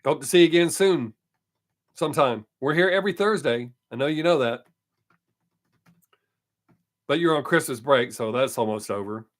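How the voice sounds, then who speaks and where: A man's voice: mid-range voice, lively intonation, normal speed, pauses often. A man hosting his weekly live stream, chatting casually and answering viewer comments, brushing off critics. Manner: dismissive of critics.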